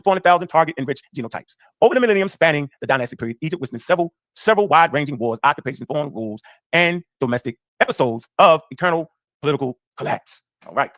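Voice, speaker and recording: A man's voice: on the high side, no echo, clean studio sound. A man reading an article aloud and riffing on it in casual reaction commentary. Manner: rapid, animated, reads aloud and riffs.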